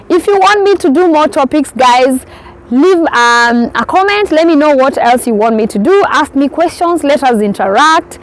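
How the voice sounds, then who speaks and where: A young woman from Kenya chats to her viewers in a casual vlog. Her voice sits high, and she tells her stories with a lively manner, acting out her own past reactions as she goes. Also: slight background noise, rough recording. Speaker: vlogger.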